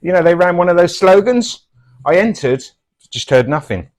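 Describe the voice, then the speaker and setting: A middle-aged man riffs through comic banter with a straight, mock-serious face and plenty of swearing. His voice sits a little high for a man and swings widely up and down. He plays it dry and earnest. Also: expressive, normal speed. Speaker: comedy double act host.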